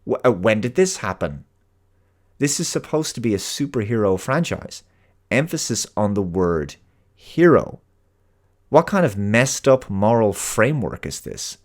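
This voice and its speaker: An Irish man hosting his own show, delivering an earnest, emphatic opinion monologue. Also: lowish voice. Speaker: host.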